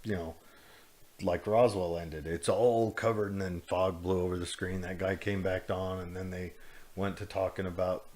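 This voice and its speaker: A man's voice: low-pitched, little pitch movement, normal speed, darkish tone. A man co-hosting a podcast, telling a story in a rambling, jokey way, often breaking into laughter. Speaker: podcast co-host. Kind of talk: casual chat.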